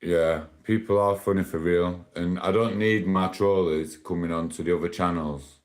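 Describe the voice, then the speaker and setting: A man's voice: sits low, darkish tone. A man chatting casually and rambling on a morning live stream, laughing often. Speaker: livestreamer.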